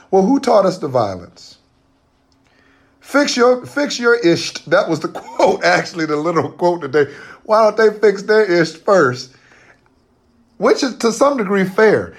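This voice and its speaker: A man speaking as an interview guest, earnest and emphatic, with frequent restarts as he makes his points. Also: on the high side. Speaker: guest, boycott organizer. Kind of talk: conversational interview.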